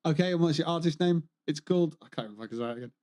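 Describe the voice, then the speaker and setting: A man's voice: on the high side, racing, darkish tone. A man on a gaming livestream, chatting casually, rambling and joking, swearing freely. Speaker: streamer.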